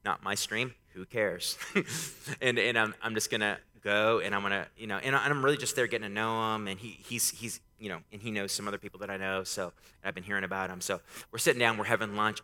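A man's voice: on the low side, bright, forceful tone. A man in his thirties preaching a sermon, telling casual stories about his kids before building to emphatic exhortation. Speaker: pastor. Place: church sanctuary. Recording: long hall reverb.

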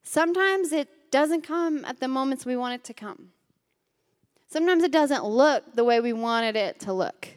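Woman preacher, higher voice, chatty sermon full of "like," talks straight to the room; long hall reverb. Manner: casual, filled with "like", addresses the room directly. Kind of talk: conversational sermon. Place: room with a gathered group.

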